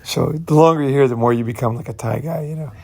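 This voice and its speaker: A man's voice: medium pitch, fast talker, warm tone. A man hosting his own channel, talking in a loose, rambling way and leaning on "you know" and "right" while speaking bluntly and sometimes profanely. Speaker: channel host. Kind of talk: casual rambling monologue.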